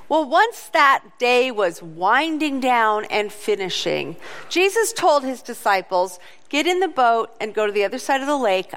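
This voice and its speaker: Woman preacher with a high voice and an unhurried, animated sermon delivery. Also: in a large hall. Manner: animated storytelling, voices quotes.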